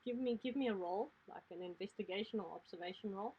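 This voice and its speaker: A woman's voice: mid-range voice, quick pace, breathy edge, dull audio. A woman narrating as game master in a tabletop game, talking in a rambling way full of fillers.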